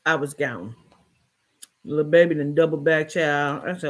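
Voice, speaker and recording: A woman's voice: low voice, normal speed. Chatty woman telling a story. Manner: chatty, expressive retelling with colloquial asides. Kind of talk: reading a short story aloud, then casual storytelling.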